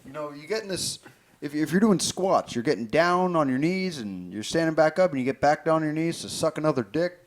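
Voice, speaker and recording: A hammy middle-aged TV fitness doctor, as a man on a podcast puts him on, selling workouts loudly and with emphasis. The pitch swings widely and climbs above his usual voice. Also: lively intonation, brisk, lightly acted. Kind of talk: comedic impression on a podcast.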